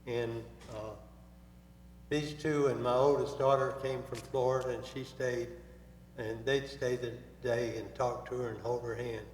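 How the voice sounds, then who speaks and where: An older man speaking haltingly and softly at a memorial for his late wife. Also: mid-range voice, fairly even intonation, slight background noise. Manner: halting, hesitant, soft-spoken. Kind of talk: spoken remembrance at a memorial. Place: memorial service hall. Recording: echoey hall with long reverb.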